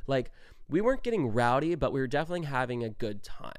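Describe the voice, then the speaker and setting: A young man in his twenties telling a story in a casual, animated way, swearing often and stressing his words. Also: medium pitch, fast, clear, resonant tone, no room sound, clean studio sound. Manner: animated, profane, emphatic storytelling.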